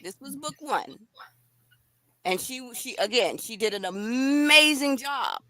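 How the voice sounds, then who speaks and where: A woman with a bright, forceful voice talks excitedly to her live-stream viewers, showing off her book. The sound is close and dry, with no room around it. Her delivery is chatty and animated. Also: on the high side, takes it slowly, no room sound, rough recording. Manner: chatty, enthusiastic, addresses viewers directly. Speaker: author and live-stream host. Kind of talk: lively live-stream chat.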